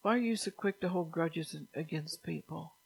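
A middle-aged woman preaching a fervent sermon, scolding the listeners and rising to loud, emphatic bursts. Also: deep voice, normal speed, vocal fry, slightly rough, rough recording.

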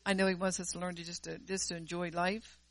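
A woman's voice: fairly low pitch, little pitch movement, quick pace, dry recording. Fervent woman preacher, dry sound. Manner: fervent, swings between loud exhortation and quiet asides; repeats words and restarts phrases while preaching. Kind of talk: sermon.

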